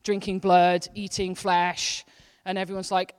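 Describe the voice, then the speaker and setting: A Welsh woman, an associate pastor, preaches a sermon in a church hall with long reverb. Her medium-pitched, smooth voice runs at normal speed, casual, earnest, and conversational, with intensity rising and falling.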